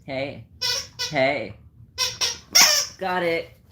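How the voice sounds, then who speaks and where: A woman with a low voice speaks slowly and easily to her camera at home. She teases her dog in a playful sing-song and gives it short training commands, laughing now and then. A faint hiss of noise sits under her voice. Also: expressive. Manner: teasing baby-talk to the dog, often laughing. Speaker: vlogger. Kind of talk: casual chat while playing with and training a dog. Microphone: handheld camera.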